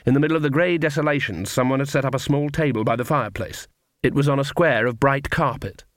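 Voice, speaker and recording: A man's voice: medium pitch, dry recording. Man reading a story in a dry, close voice. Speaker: audiobook reader. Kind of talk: scripted narration.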